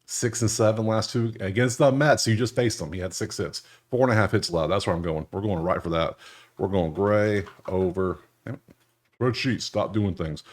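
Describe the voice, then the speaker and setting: A young man casually breaking down baseball betting picks over a screen share, slangy and joking, with loud incredulous outbursts. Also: deep voice. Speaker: sports betting analyst.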